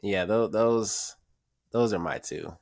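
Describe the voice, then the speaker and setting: Earnest low-voiced man, halting speech. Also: creaky, a little mellow, no room sound, studio quality. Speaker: podcast co-host. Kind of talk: casual chat.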